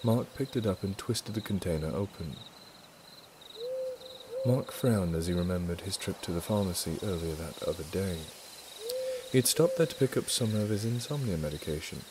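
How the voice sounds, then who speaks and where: Man reading a scary story, low hushed voice, moves around a lot in pitch. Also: animated, moderate pace, background noise. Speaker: story narrator. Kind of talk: horror story narration.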